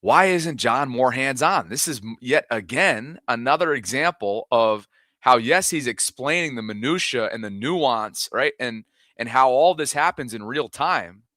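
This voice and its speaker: A man co-hosting a sports podcast, questioning and explaining in a measured way. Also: mid-range voice, animated, bright, forceful tone, dry recording, clean studio sound. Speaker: podcast co-host.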